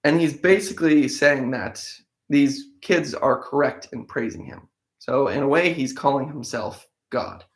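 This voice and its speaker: Here the speaker is a man whose medium-pitched voice carries lively intonation, delivered without hurry. As a Bible-in-a-year podcast host, he reads passages aloud before offering casual commentary, thinking aloud with a few restarts.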